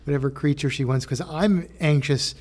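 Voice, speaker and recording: A man's voice: on the high side, moderate pace, darkish tone. A man co-hosting a podcast who talks in a jokey, playful way. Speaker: podcast co-host. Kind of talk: casual chat.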